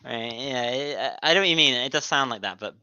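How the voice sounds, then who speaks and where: British man, very bright voice, lively pitch, dull dry sound. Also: a little fast, clean tone, no echo. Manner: stammering restarts, lively pushback. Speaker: streamer co-host. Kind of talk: casual stream chat.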